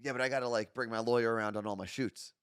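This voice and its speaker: A man's voice: mid-range voice, fairly even intonation, very fast, fairly bright tone, clear, resonant tone, no echo, studio quality. A man co-hosting a casual morning show, joking and poking fun at himself. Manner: joking, self-mocking. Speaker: podcast co-host.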